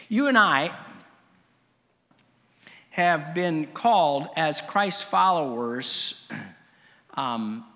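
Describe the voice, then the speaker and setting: A middle-aged man preaching a sermon as pastor, conversational, with fillers and frequent throat clearing. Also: a little high, sharp tone, in a large hall.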